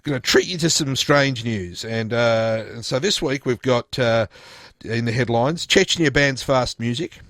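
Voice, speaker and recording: A man's voice: medium pitch, measured pace, hardly any pauses, fairly bright tone, no room sound, studio quality. A man presenting a radio show, chatting casually through odd news stories in a rambling, jokey way with lots of restarts. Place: radio studio.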